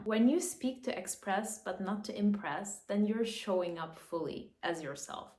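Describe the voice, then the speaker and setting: A woman vlogger giving earnest, coaching advice in casual talk to camera, often checking in with "okay?". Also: medium pitch. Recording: echoey room.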